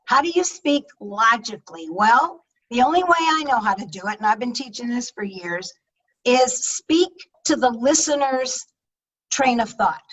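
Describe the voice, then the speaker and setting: Higher-pitched woman, speaking coach, emphatic and lively, sounds a bit off-mic on a video call. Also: normal speed, far from the mic, poor audio. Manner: energetic, emphatic, conversational. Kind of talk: webinar talk on public speaking.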